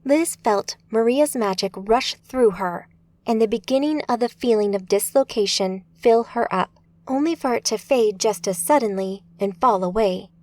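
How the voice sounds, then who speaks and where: A woman narrating an audiobook in a steady, measured way. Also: a little high, no echo.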